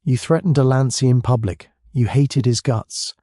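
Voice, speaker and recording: An actor voicing a blustering, pompous police chief inspector who bellows and sneers. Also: male voice, medium pitch, moderate pace, warm tone, dry recording, clean studio sound, natural voice.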